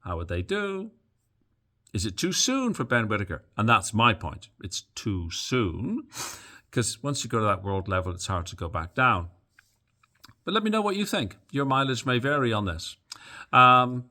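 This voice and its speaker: A man's voice: medium pitch, bright, forceful tone. A man hosting a boxing news channel, giving casual, opinionated commentary to camera with plenty of fillers and asides.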